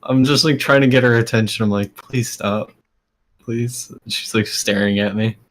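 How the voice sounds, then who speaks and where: A man co-hosting a casual gaming podcast over voice chat, blunt and quick to swear and laugh. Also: on the low side, fairly even intonation. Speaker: podcast co-host.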